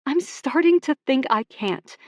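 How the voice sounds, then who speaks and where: A woman's voice: fairly high pitch, animated, normal speed, dry recording, clean studio sound, voice pushed up, lightly acted. A woman narrator voicing an earnest young woman who runs a shop, speaking in a raised, pleading tone.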